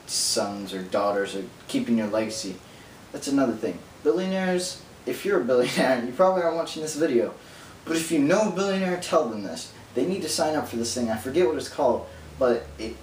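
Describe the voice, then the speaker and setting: A man's voice: mid-range voice, a little mellow. Rambling nerdy man, echoey room. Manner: rambling, rapid-fire, nerdy tangents. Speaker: vlogger. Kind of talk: casual rambling monologue. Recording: roomy echo from distance, faint hum.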